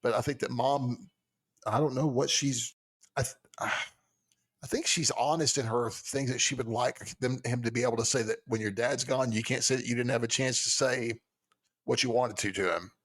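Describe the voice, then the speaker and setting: A man co-hosting a podcast in casual chat, halting and restarting often as he thinks aloud. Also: medium pitch, steady tone, fairly bright tone, no room sound, studio quality. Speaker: podcast co-host.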